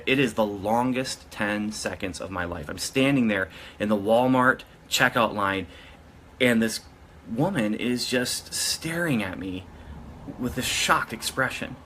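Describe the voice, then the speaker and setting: Man, casual storytelling vlogger, slightly low voice, crisp forceful tone, rambling with restarts. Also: a little hiss or hum. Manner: rambling, with frequent restarts and self-corrections.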